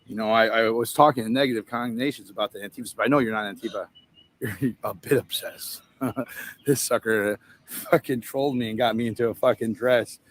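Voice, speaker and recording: At an outdoor event setup with a tent, a man hosts a livestream, rambling in a casual, profane way, spinning stories and cracking himself up. He talks fairly quickly in a medium-pitched voice with fairly even intonation.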